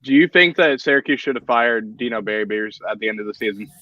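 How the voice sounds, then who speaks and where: A man's voice: medium pitch, fast, no room sound. A man on a sports podcast panel, chatting casually and asking the others questions. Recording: dull dry lo-fi mic.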